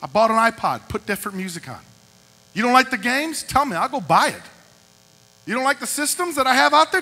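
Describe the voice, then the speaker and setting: Extremely high-pitched, fast and lively, his pushed, bright voice leads a youth service sermon. This male youth pastor addresses a group in a big hall with punchy delivery and repeated short lines, while the echoey room carries a mains hum.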